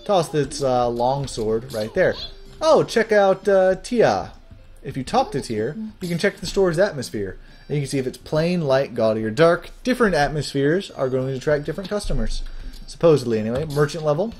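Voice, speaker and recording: A man's voice: mid-range voice, darkish tone. A man giving casual, chatty gameplay commentary as host, with jokey asides. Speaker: let's play host.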